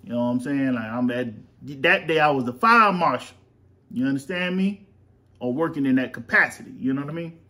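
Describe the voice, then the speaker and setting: A man's voice: mid-range voice, expressive, brisk, bright, forceful tone. A man, chatting as podcast host and father, rambling with lots of fillers. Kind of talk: casual chat. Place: home.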